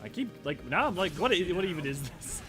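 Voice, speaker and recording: A man's voice: high-pitched, very animated, brisk, over music. A man streaming a game, chatting casually and nerdily, often restarting and correcting himself as he rambles. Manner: rambling, self-correcting, nerdy. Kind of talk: casual livestream chat and game commentary.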